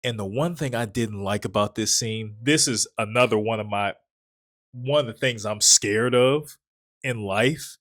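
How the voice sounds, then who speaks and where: A young man co-hosting a casual movie review chat, retelling scenes in an animated way and swearing often. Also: a little slow. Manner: animated retelling, puts on low voices for quotes, swears often. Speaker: podcast co-host.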